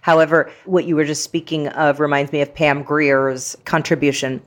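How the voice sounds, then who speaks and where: A woman with a low voice talks as an author and interview guest. She muses reflectively and playfully, leaning on "you know" as she gathers her thoughts, in a casual conversational way. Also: little pitch movement, moderate pace. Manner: reflective, filler-heavy, playful.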